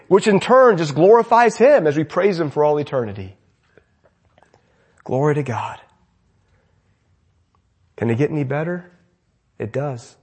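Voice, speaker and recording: A fervent male preacher with a husky, slightly raised voice. He swings from loud, lifted exclamations down to quiet, hushed lines as he preaches. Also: fairly high pitch, expressive, a little slow, pauses often. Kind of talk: sermon.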